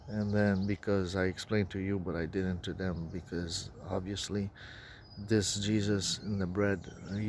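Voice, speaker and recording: A man with a voice recounting a dream in a rambling, halting way, full of restarts and fillers. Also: fairly low pitch, a little hiss or hum. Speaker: dream narrator. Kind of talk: rambling personal account.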